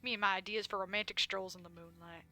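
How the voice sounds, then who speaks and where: A woman voicing a cheerful small-town sheriff, talking loudly in a folksy way. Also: mid-range voice, steady tone, quick pace, natural voice. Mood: affectionate.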